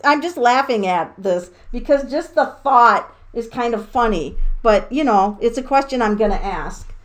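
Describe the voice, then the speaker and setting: Excitable, rambling woman reading tarot. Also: on the high side. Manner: excitable, rambling, laughs and swears. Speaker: tarot reader. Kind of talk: casual tarot reading to viewers.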